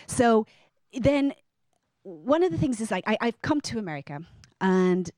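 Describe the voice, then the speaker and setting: An Irish woman in her thirties tells a personal story to a live audience, animated and lively, acting out other people's lines with big jumps in pitch. Her voice is dry and close, with little room sound. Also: a little slow, no echo. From Ireland. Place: stage before a live audience.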